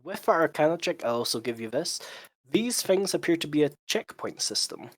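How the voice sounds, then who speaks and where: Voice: medium pitch, big pitch swings, normal speed, husky, no echo. A game master narrating a tabletop game, explaining rules in an explanatory way with frequent fillers.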